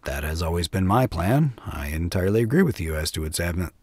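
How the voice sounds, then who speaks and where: A man's voice: deep voice, expressive, brisk, darkish tone, husky, no room sound, voice pushed down. A man reading the part of an unflappable doctor turned gambler, speaking dryly and offhandedly, in an audiobook. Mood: dry, easy. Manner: dry and offhand.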